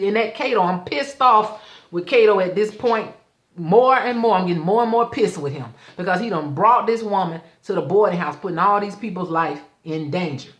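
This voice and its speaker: Woman, lively recap, voices the characters' lines, echoey room. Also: medium pitch, moderate pace. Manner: animated storytelling, acts out the characters' lines. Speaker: show host reviewing a TV episode. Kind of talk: casual episode recap.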